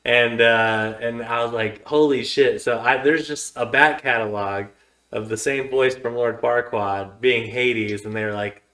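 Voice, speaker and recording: A man's voice: medium pitch, steady tone, measured pace, pushed and bright, recorded from a distance. A young man co-hosting a podcast, chatting casually and retelling scenes in a laid-back, meandering way. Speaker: podcast co-host. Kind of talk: casual chat. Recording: echoey studio room.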